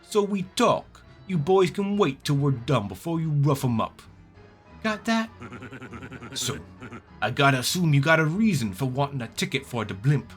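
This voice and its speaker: A man's voice: on the high side, sing-song, normal speed, soft background music. A man voicing a tough-talking male gangster boss in a video game, with a shifting mob accent. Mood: menacing. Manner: tough-guy mobster drawl, shifting accent.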